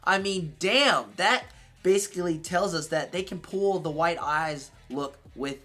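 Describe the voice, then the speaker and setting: A man giving a casual, excitable movie review, swearing freely as he reacts. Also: a little high, unhurried.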